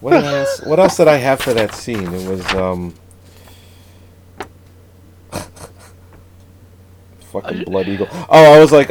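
A mid-pitched man with a lively, up-and-down delivery recaps a movie in casual chat. He laughs often, swears freely and reads bits from his notes. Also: takes it slowly, pauses often. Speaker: podcast co-host.

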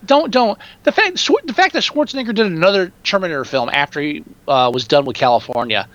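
A man chatting casually about movies, excitable and swearing freely. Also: high voice, brisk, no room sound, lo-fi sound.

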